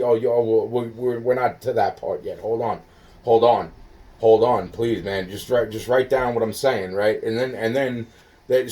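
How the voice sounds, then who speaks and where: A man on a phone call, rambling and halting, full of fillers and swearing, slowly spelling things out while sounding foggy and hungry. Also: medium pitch, a little mellow, distant mic. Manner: halting, filler-heavy, scattered. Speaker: caller.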